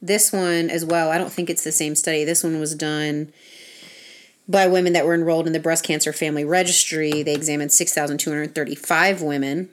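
Low-voiced woman explaining research casually. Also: steady tone, brisk. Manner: explains studies in long run-on sentences with fillers and restarts.

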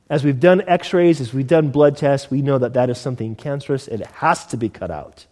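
Man preaching a sermon, high voice, reverberant hall. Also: big pitch swings, fairly quick, hardly any pauses, warm tone. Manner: conversational, acts out little scenes in different voices. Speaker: pastor.

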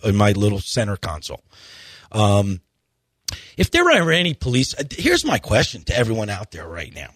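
Husky man ranting on radio. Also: medium pitch, dry recording, clean studio sound. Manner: earnest, pleading, rambling with restarts. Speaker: golf radio show host. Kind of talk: impassioned radio rant. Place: radio studio.

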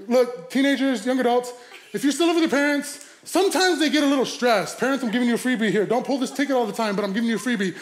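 A young adult man, a pastor, telling a comic story in a sermon, animated and laughing as he goes. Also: sits high, fast talker, slight background noise. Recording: echoey hall.

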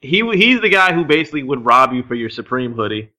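Bright-voiced podcast guy, laughing and musing. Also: medium pitch, big pitch swings, fast talker. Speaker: podcast co-host. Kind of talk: casual podcast chat.

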